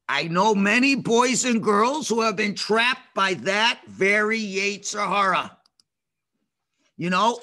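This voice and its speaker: A man teaching a lesson to children, animated and emphatic, often asking them questions. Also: sits high.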